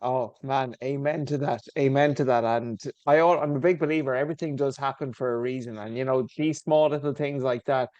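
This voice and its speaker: A man's voice: medium pitch, fairly even intonation, fairly quick, hardly any pauses, darkish tone, dry recording, lo-fi sound. A man hosting a fitness podcast, asking questions in an eager, encouraging way. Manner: eager, encouraging, often says the guest's name. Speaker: podcast host. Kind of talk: casual interview chat.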